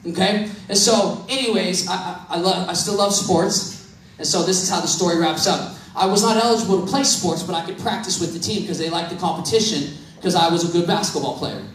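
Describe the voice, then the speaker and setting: A high-voiced young man from Missouri tells a sermon story in a loose, self-mocking, joking way. He sounds distant from the mic, with a big echo around him and faint room noise. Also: fairly quick. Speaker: preacher. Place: church hall. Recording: echoey hall from far off.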